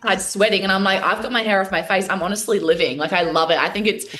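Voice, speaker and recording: A woman's voice: medium pitch, steady tone, fast talker, bright, forceful tone. A young Australian woman guest, talking in a bubbly, gushing way in a casual interview. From Australia and New Zealand. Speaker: guest cheerleader.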